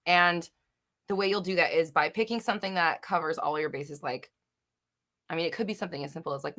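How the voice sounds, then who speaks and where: A woman's voice: sits low, brisk, a bit bright. A young woman hosting a live question-and-answer chat at home, reading viewers' comments aloud in a chatty, giggly way with lots of fillers and the odd swear. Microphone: desk microphone.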